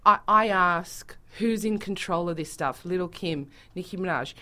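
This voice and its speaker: A woman talking as a theatre-maker guest in a radio studio, animated and acting out quoted voices. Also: lowish voice, a little slow. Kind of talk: casual interview chat.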